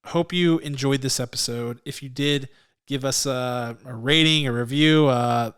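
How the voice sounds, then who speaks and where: A man co-hosting a movie review podcast in a casual, relaxed style, laughing often and poking fun at himself. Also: mid-range voice, a little slow, clear, resonant tone. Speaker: podcast co-host.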